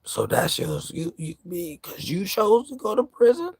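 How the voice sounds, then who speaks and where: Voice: medium pitch, huge pitch swings, unhurried, gravelly, darkish tone, breathy edge, dry recording, clean studio sound. A vlogger from New York ranting to camera in casual, profane street slang, heated and laughing by turns.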